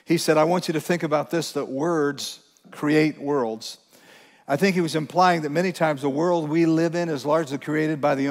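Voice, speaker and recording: A man preaching a sermon as pastor to his congregation, speaking earnestly and slowing down to read scripture with emphasis. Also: on the high side. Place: church sanctuary. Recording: long reverb from a large church hall.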